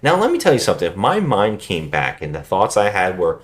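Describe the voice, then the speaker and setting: A man co-hosting a podcast, recapping a bad movie in casual chat, animated and swearing freely. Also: fairly low pitch, fairly quick, few pauses. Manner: animated, swearing, acts out scenes in loud put-on voices. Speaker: podcast co-host.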